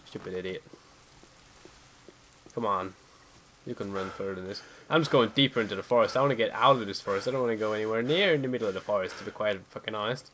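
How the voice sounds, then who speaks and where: Man giving excitable gameplay commentary. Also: fairly low pitch, brisk, slight background noise. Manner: excitable, easily spooked, swears freely. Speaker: let's play gamer.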